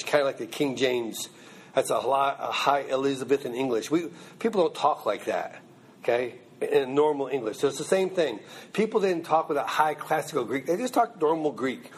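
This is an informal Bible class taught by a man whose voice sits at medium pitch, with a faint hiss or hum in the recording. He talks conversationally, often pausing to ask his listeners "okay?" or "you know what I mean?"

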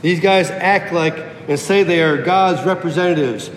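A man preaching a sermon emphatically, repeating key phrases for effect. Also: moderate pace. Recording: echoey hall with faint rumble.

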